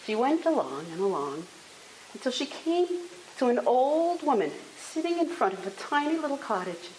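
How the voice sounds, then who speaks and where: A woman telling a folktale aloud in an expressive, animated way. Her pitch moves up and down in a lively way. The voice rings in an echoey room with a faint hiss behind it. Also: moderate pace. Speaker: storyteller. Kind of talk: oral folktale storytelling.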